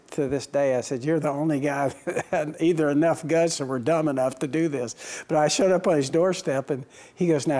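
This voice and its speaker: A man who owns a racing team, answering interview questions by telling stories and acting out his own and others' quoted lines. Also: mid-range voice. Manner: animated, acts out quoted dialogue with laughs.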